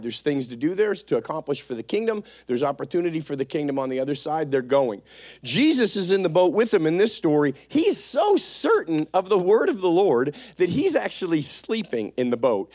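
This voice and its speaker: A man preaching a sermon in a church, explaining a Bible passage with animated delivery and acted-out quotes. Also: fairly high pitch.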